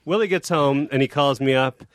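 A man's voice: medium pitch, fairly quick, no echo, studio quality. A man telling stories as a podcast guest, acting out quoted dialogue as he goes. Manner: animated storyteller, acts out quoted dialogue. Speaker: guest, comedian and filmmaker. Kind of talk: casual podcast storytelling.

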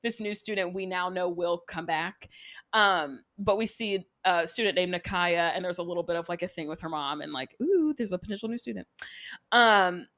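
A woman's voice: on the low side, steady tone, moderate pace, fairly bright tone. Chatty, sarcastic young woman host. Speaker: podcast host. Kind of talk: casual episode recap.

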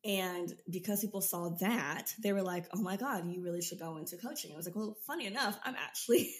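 A young woman in her twenties, a podcast guest and business coach, telling her own story in a lively way and laughing often. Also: on the low side, brisk. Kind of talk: casual storytelling interview.

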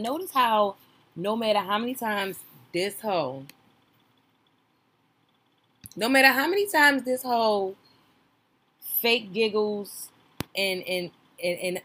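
A young woman hosting a podcast, giving sassy, gossipy reaction commentary on a reality show, loud one moment and mumbling the next. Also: mid-range voice, slight background noise. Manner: sassy, animated, gossipy, swings between loud outbursts and mumbling asides.

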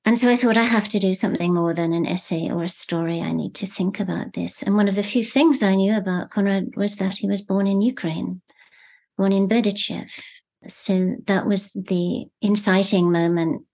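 A middle-aged woman novelist being interviewed, speaking in a thoughtful, measured way and pausing to search for words. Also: medium pitch, fairly even intonation, darkish tone. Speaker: novelist guest. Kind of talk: reflective interview talk.

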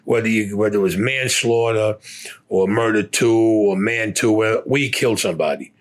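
An older man, a veteran, recounting war memories in a blunt, profane, plainspoken way with a husky voice. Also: lowish voice, moderate pace. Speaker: veteran interviewee.

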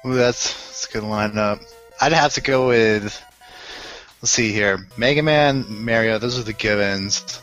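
A man's voice: fairly low pitch, a little slow, fairly bright tone, muffled recording, soft background music. A man co-hosting a podcast, musing thoughtfully in a casual chat. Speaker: podcast co-host.

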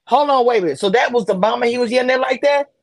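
Husky excitable woman hosting a reaction chat. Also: on the high side, racing. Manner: excitable, interrupts, cries hold on and wait. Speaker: show host.

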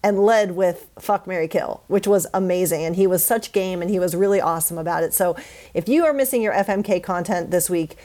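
A woman's voice: lowish voice, mellow. A woman hosting a casual podcast, chatty and upbeat as she wraps up the episode. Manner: upbeat, chatty sign-off with quick asides. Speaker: podcast host.

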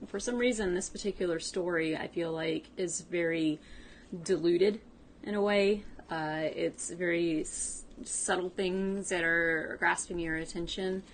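A woman with a lowish voice talks through her comic picks on a relaxed podcast. She rambles and restarts her sentences, searching for words as she goes, with faint background noise behind her. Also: measured pace. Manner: rambling, hesitant, restarts often. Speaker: podcast co-host. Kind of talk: casual chat about comics.

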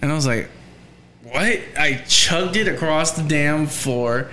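Man, young adult, casual chat, animated retelling, faint background noise. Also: a little high, unhurried. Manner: rambling and animated, acting out quoted voices. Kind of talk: casual storytelling.

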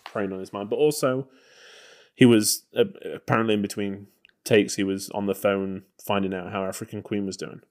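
A podcast co-host chats loosely about an old film, his talk full of fillers and hedges. His voice is fairly low and steady, moving at a moderate pace in this casual, conversational film-review chat.

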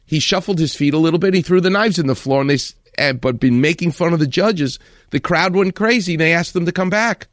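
Animated male storytelling host. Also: a little high, fairly quick, no room sound, studio quality. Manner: animated, enthusiastic retelling with acted quotes. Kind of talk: storytelling commentary.

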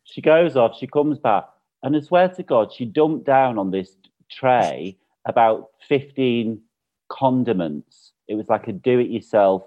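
A British man telling a lively anecdote in casual chat, laughing as he goes. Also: mid-range voice, unhurried. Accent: British English. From Britain. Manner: chatty storyteller, laughs often. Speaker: guest. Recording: phone-like narrow sound.

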